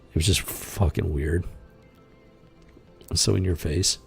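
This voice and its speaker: Give me a low-pitched man with a gravelly voice, bluntly griping through a comic book commentary with lots of stammered restarts. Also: steady tone, takes it slowly, faint music behind. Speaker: host.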